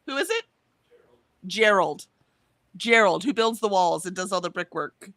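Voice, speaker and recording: A woman's voice: mid-range voice, expressive, measured pace, a bit bright, no echo, clean studio sound. An American woman co-hosting a livestream in casual chat, reading out viewer comments and laughing often. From United States. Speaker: livestream co-host.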